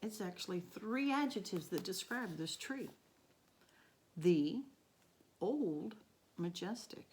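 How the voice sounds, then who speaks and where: A woman's voice: mid-range voice, animated, slow pace, pauses often, darkish tone. A woman teacher, walking students through a grammar lesson by asking and answering her own questions. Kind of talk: recorded remote grammar lesson.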